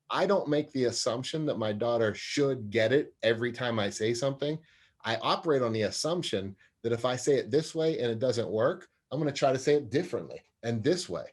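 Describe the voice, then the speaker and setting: An anger management specialist and sports psychologist speaks as an interview guest, talking earnestly and acting out quoted voices. His mid-range voice is husky, animated, and brisk.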